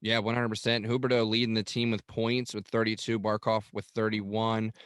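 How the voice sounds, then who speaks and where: Low-voiced man reading hockey stats. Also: little pitch movement, normal speed, fairly bright tone, smooth, dry recording, studio quality. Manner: rattles off statistics with many ums and uhs. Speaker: podcast co-host. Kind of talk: casual sports chat reading stats.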